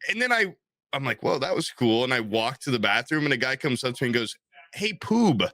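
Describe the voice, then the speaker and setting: A man co-hosting a casual podcast tells a rambling story, tripping over himself and restarting. He does the other people's lines in raised, excited voices. His voice is bright and forward, and the sound is dry and close. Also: medium pitch, fast talker, dry recording. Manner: rambling, self-interrupting, acts out quotes in raised voices. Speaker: podcast co-host.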